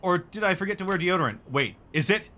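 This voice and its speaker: A man voicing an excitable, flamboyant male street photographer in a game, loud and theatrical. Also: high voice, fast, pitched above the performer's own voice. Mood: gushing. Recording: noisy stream audio.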